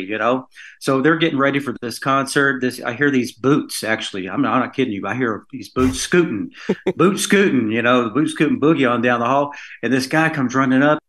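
A man's voice: mid-range voice, normal speed, a bit bright. A rambling male podcast guest telling stories. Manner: rambling, with many fillers and restarts. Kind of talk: casual storytelling in an interview.

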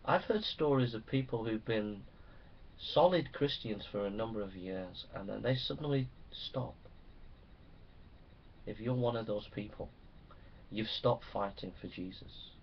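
A man preaching a sermon that builds into loud, impassioned shouting. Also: fairly low pitch, breathy edge, dull audio.

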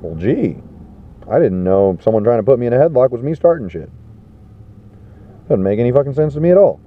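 A man telling a rambling festival story, animated and swearing, acting out the people he quotes. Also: medium pitch, brisk. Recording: tinny phone-like sound.

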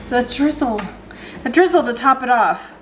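A woman's voice: sits high, lively intonation, moderate pace, a bit bright, slight background noise, low-quality recording. A woman co-hosting a cocktail-making video, bubbly, giggly and chatty. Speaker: cocktail show co-host, called first mate. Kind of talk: casual cocktail-making chat.

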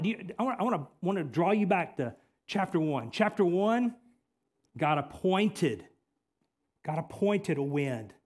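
Impassioned male preacher, somewhat high voice. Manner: impassioned preaching, swinging from loud emphatic to quiet intimate. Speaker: pastor. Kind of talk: sermon. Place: church sanctuary.

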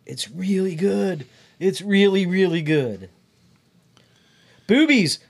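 A man's voice: on the high side, animated, normal speed. A man co-hosting a podcast, joking playfully and talking with enthusiasm about the beers. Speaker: podcast co-host. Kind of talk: casual chat tasting beer.

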